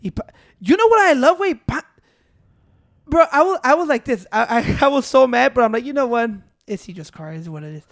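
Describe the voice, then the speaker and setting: A man's voice: extremely high pitch, a little fast, creaky, dry recording, clean studio sound. Profane, laughing code-switching man. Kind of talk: casual chat.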